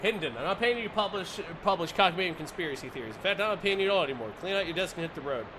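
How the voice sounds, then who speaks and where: A man's voice: high-pitched, expressive, rapid-fire, background noise. A man voicing a blustering male newspaper editor-in-chief, reading his firing notes in a brash, bossy way.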